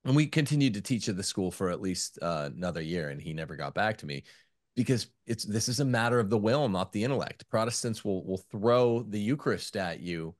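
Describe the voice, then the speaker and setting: Deep-voiced man telling stories. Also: a little fast, no echo, studio quality. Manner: animated storyteller, some stammering restarts. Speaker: podcast guest, former teacher. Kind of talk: casual podcast discussion.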